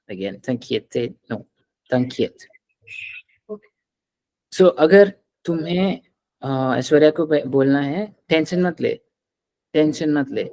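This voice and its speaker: A man's voice: mid-range voice, gravelly, mellow, rough recording. A man teaching a French class, patiently drilling pronunciation and slipping into Hindi.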